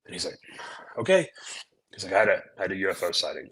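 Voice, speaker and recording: A middle-aged man with a fairly low voice spins a story in casual conversation. He keeps checking in with "right?" and throws himself into the quoted lines. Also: fast talker, poor audio. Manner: animated storyteller acting out quotes, frequent "right?". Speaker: podcast co-host, former naval aviator.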